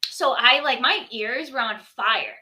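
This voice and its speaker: A young woman chats as a podcast guest, her voice high and bright. She tells stories in an animated rush, scattering "like" through every sentence. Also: a little slow. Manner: animated storytelling, many "like" fillers. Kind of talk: casual interview chat.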